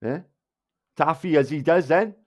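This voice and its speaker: A man's voice: a little high, unhurried. A man with a South Wales Valleys accent ranting angrily at viewers on a livestream, swearing and hurling insults. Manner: angry, insulting, heavy swearing.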